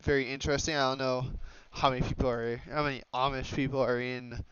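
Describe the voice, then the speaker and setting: A man's voice: medium pitch, level tone, quick pace, fairly bright tone, clear, resonant tone, no echo. A young man from Oregon giving a slide presentation on dialect maps, hesitant with many fillers and self-corrections. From Oregon, USA. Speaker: student presenter. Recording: slightly dull lo-fi mic.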